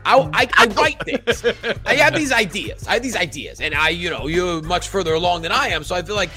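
A man voicing a pushy older man in his sixties who rambles on, pitching joke ideas. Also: fast talker, pushed and bright, faint music behind. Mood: pleading. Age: 60s. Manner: rambling, insistent, exasperated.

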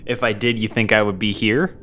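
A man's voice: fairly low pitch, fairly bright tone, a little hiss or hum. A man playing a tabletop game in a casual, wisecracking and rambling way. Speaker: player.

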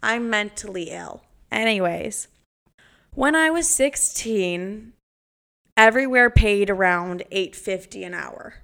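A woman's voice: medium pitch, lively intonation, slow pace, gravelly, a bit bright. A young woman telling brash, profane stories about quitting jobs in a sarcastic storytime monologue.

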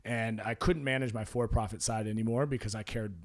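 A man, a former pro athlete and gym founder, chatting as a podcast guest and acting out quoted dialogue in a relaxed storytelling way. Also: on the low side, fairly quick. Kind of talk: casual chat.

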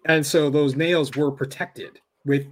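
A man's voice: fairly high pitch, fairly even intonation, slow. A man co-hosting a podcast in casual chat, thinking aloud with frequent restarts. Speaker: podcast co-host.

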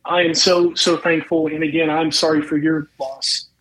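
A man as an interview guest, polite and halting, with many ums. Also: on the high side, little pitch movement, a bit bright, rough recording.

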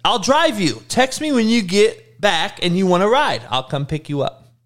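A man playing an overly gentle modern parent who talks in a soft, coaxing, patient way. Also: high-pitched, lively intonation, moderate pace.

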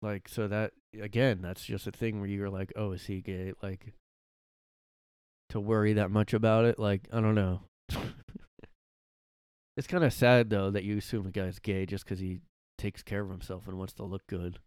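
A man's voice: on the low side, flat delivery, moderate pace, long pauses, a little mellow, clear, resonant tone, no echo, studio quality. A man rambling through a casual solo podcast from his room, full of fillers and restarts. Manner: rambling, lots of fillers and self-corrections, laughs often. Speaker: podcast host. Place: home room.

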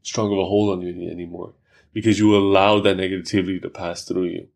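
With a low, slightly mellow voice edged by vocal fry, a podcast host talks fast and with little pitch movement. He reflects casually, drops plenty of fillers, and works through examples as he goes.

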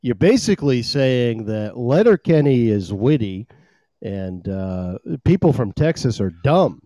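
A man's voice: mid-range voice, big pitch swings, a little slow, mellow, dry recording, muffled recording. Wry, teasing male podcast co-host. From Maine. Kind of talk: casual chat.

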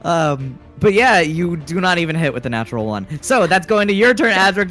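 A man's voice: high voice, big pitch swings, a little fast, few pauses, fairly bright tone, faint music behind. A man narrating a tabletop game as game master, often breaking into laughter.

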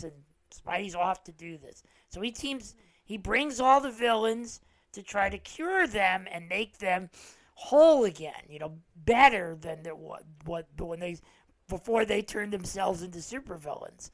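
A man's voice: high voice, unhurried, no echo, rough recording. A man hosting a podcast, giving a casual, rambling movie recap full of fillers and restarts. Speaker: podcast host.

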